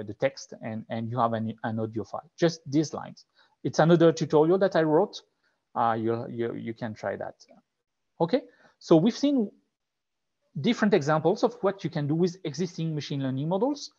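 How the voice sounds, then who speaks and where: A man with a heavy French accent walks through a live tech demo, pausing often on fillers and restarting his sentences. His voice sits fairly high, and the recording is dull and muffled. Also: darkish tone. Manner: hesitant, many fillers and restarts. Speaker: webinar presenter.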